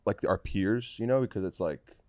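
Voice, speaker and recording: A man, a comedian guesting on a podcast, chatting casually and asking halting, rambling questions full of fillers. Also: on the low side, warm tone, no room sound, studio quality.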